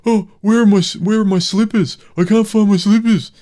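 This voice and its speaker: A man mimicking a dopey, helpless husband in a whiny, falsetto-ish voice. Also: steady tone, a little fast, mellow, close to an everyday voice.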